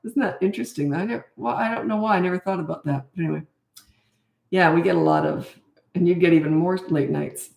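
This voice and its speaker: A woman's voice: on the low side, quick pace, gravelly, darkish tone. Chatty older woman, blunt and roomy. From Canada. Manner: chatty, blunt, laughs often, loses her thread. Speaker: parenting coach. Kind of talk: casual live Q&A chat.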